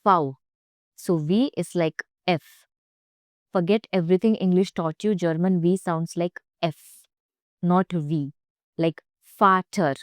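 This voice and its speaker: A woman's voice: lowish voice, fairly even intonation, slow, long pauses, darkish tone, no room sound, studio quality. A young woman teaching German pronunciation, speaking carefully and repeating each sound for learners. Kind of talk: pronunciation lesson.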